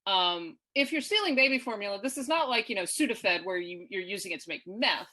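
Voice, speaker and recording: A woman's voice: medium pitch, expressive, a little fast, pushed and bright. A woman co-hosting a podcast, chatting casually and reacting, with restarts. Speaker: podcast co-host. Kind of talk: casual conversation.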